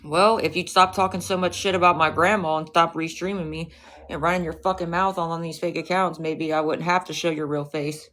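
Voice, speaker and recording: A woman rants on her livestream, swearing freely and hitting back at a rival with open scorn. Her voice sits a little low for a woman. She mixes angry lines with mocking jabs aimed at the chat. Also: steady tone, fairly quick, a bit bright. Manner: profane, confrontational ranting.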